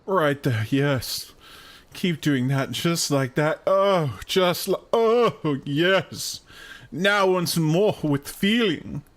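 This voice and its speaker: A man reading out a vain, flowery gentleman adventurer from a game in a grandiose, drawn-out voice. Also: on the high side, animated. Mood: swooning. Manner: grandiose, drawn-out, swooning delivery. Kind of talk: reading game dialogue aloud in a voice.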